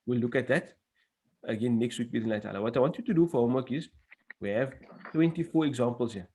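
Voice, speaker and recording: A man's voice: mid-range voice, fast talker, a little mellow, slightly rough. A man teaching an Arabic grammar class in English, explaining step by step and reading out Arabic phrases.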